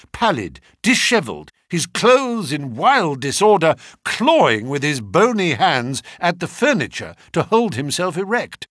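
A man's voice: a little high, fairly bright tone, no room sound, studio quality. A man reading a detective story aloud as narrator, voicing the characters himself. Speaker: audiobook narrator. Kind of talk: scripted narration with character voices.

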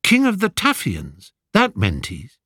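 An earnest young prince speaks in a raised, urgent voice that swings between eagerness and gloom, as a male narrator puts him on. The storybook delivery is unhurried despite the emotion, and the sound is dry and close. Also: fairly high pitch, huge pitch swings, bright, forceful tone, husky, no room sound, pitched above the performer's own voice, full character voice.

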